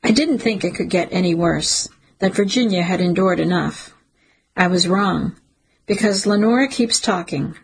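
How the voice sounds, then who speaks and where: A woman reading a first-person audiobook in a measured, emotional storytelling manner. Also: medium pitch, creaky, husky, rough recording. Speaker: audiobook narrator.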